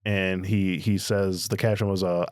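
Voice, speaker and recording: A man's voice: little pitch movement, a little slow, a little mellow, no room sound, studio quality. A man telling stories as a podcast guest in casual chat, with a voice others call cartoonish. He acts out the quotes as he tells them. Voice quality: high, cartoonish voice. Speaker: podcast guest, predator catcher. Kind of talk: casual storytelling.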